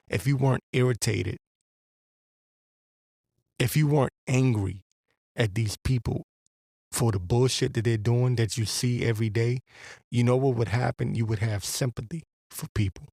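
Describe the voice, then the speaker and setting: A gravelly, darkish, medium-pitched male voice, speaking a little slowly with long pauses, hosts a podcast. He rambles through profane, blunt religious commentary, restarting often and sounding somewhat like a preacher. The studio sound is clean, with no room sound.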